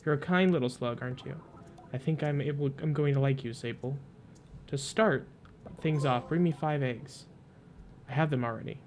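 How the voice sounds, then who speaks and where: A man voicing a gentle, motherly female queen of desert creatures, speaking graciously and formally over soft game music. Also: mid-range voice, normal speed, slight background noise, close to an everyday voice. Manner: gracious, cooing, slightly formal.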